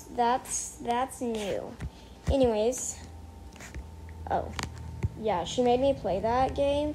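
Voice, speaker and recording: Chatty high-voiced girl rambling slowly. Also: mellow, a little hiss or hum, low-quality recording. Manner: rambling, chatty, self-correcting; dramatic mock outrage. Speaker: gameplay streamer. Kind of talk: casual gameplay commentary.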